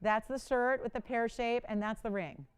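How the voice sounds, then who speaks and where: Presenting on a live shopping channel from a TV studio, this host in her forties is chatty and bubbly, breaking into laughter frequently. Her voice sits on the high side, clear and resonant, at a moderate pace.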